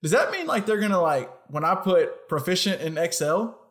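A man with a slightly higher voice co-hosting a casual podcast. He rambles chattily, restarts his thoughts and laughs easily. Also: sing-song, normal speed, a bit bright. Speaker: podcast co-host. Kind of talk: casual chat.

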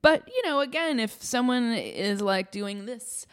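A woman co-hosting a comedy podcast, her pitch jumping all over as she jokes. She keeps up a playful, animated banter. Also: unhurried, smooth. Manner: animated, playful, slips into goofy put-on voices. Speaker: podcast co-host.

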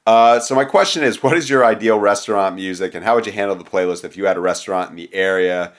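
A man's voice: lowish voice, quick pace. A man co-hosting a casual podcast, talking in a loose, rambling way with casual swearing. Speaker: podcast co-host.

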